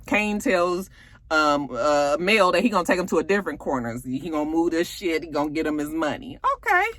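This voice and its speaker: A woman's voice: sits low, a little fast, no room sound. A young woman recapping a TV episode in a casual, slangy and profane way. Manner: animated, slangy, profane storytelling. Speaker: YouTube show reviewer.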